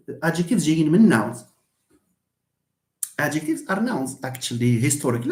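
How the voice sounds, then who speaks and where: A man with a Moroccan accent, a native Moroccan Arabic speaker, teaching an animated live English lesson and acting out his examples. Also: a little high. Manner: animated, mixes English and Arabic, acts out stress examples with a laugh. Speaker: English lecturer. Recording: roomy echo.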